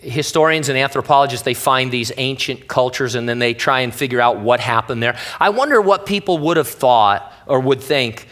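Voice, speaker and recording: A man's voice: mid-range voice, moderate pace, hardly any pauses, fairly bright tone. A man preaching as a pastor, teaching through a Bible passage in a casual, wry way with playful asides.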